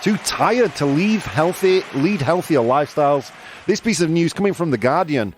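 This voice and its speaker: A man's voice: a little high, lively intonation, normal speed, a little hiss or hum. A man hosting a live news quiz stream, chatting playfully with viewers and laughing often. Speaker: host.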